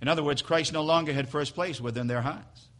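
A male pastor preaching a dramatic sermon in a church sanctuary, swinging from hushed to loud as he tells a story. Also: on the high side, a little fast.

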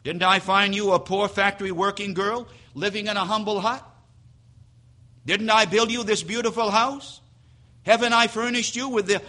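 A man's voice: very high voice, pushed and bright, pitched above the performer's own voice. A man voicing a cold, boastful businessman husband brushing off his wife. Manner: indignant, boastful.

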